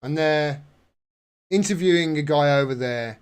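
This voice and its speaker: A man with a slightly high, clear, resonant voice offers casual political commentary on his vlog at an unhurried pace. He sounds indignant and sarcastic, now and then rising to outbursts.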